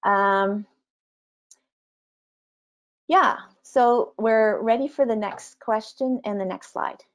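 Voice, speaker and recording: A woman teacher trainer giving an online talk to parents, gentle and explanatory, with frequent ums. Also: fairly high pitch, slow pace.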